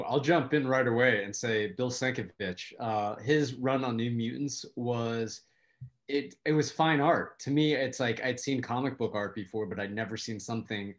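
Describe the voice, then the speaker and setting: A man on an online panel, speaking eagerly and with admiration over a video call. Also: mid-range voice.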